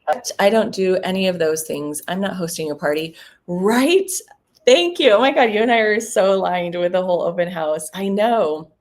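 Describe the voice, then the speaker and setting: A woman real estate broker chatting casually in a vlog between cold calls, relaxed and full of ums. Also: on the low side, normal speed.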